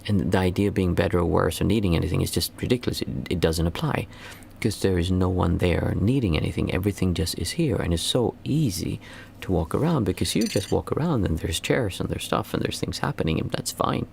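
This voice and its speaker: A man as a meditation teacher answering questions in casual talk, earnest and rambling, restarting phrases and jumping high to stress a point. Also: fairly quick, gravelly, darkish tone, a little hiss or hum.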